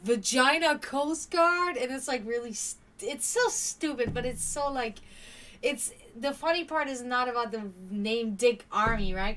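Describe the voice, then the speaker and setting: A woman's voice: mid-range voice, fairly bright tone. A tired woman chatting casually with her live-stream viewers, giggling often and swearing freely. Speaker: live streamer reading chat. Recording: distant mic with faint background noise.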